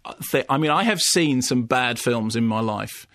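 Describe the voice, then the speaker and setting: Ranting radio film critic. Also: male voice, medium pitch, expressive, moderate pace, a bit bright, dry recording, clean studio sound. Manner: ranting, theatrical, comic impressions. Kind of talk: animated radio film review.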